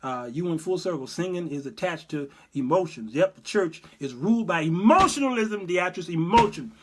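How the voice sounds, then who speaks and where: A man hosting his own livestream commentary, lively and sermon-like in his delivery. His voice sits fairly high for a man. His talk is folksy and direct. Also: moderate pace, noisy background. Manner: animated, preachy, folksy. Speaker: host and Bible teacher.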